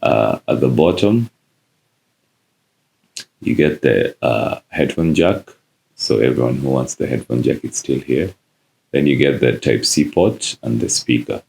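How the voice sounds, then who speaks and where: A man narrating a phone unboxing in a casual, relaxed way, with frequent "uh" fillers. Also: very deep voice, measured pace, creaky, pauses often. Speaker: tech reviewer.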